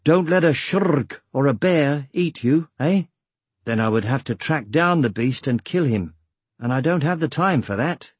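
A man voicing an earnest young male hero who speaks clearly and with emphasis. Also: a little high, expressive, unhurried, no room sound, voice pushed up.

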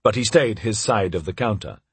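A man narrating an audiobook in an expressive storytelling manner, with a husky voice. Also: fairly quick, no echo. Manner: expressive storytelling with lively pitch.

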